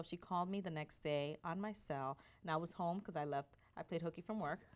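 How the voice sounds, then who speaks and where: Low-voiced woman telling her story. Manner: animated storytelling, quick restarts. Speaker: interview guest. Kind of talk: personal story in a conversational interview.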